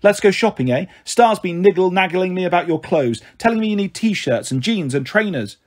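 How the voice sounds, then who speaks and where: Man voicing a shrill, eager mum. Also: lively intonation, moderate pace, darkish tone. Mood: playful. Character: excitable, flamboyant young mother, loud. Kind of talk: audiobook character voice.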